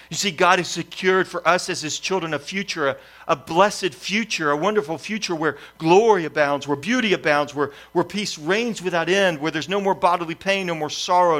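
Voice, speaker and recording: With a slightly high voice that sounds pushed and bright, a middle-aged pastor recounts a family story in his sermon. He acts out the voices of the people involved and builds his points in lists, keeping up a repetitive preaching rhythm.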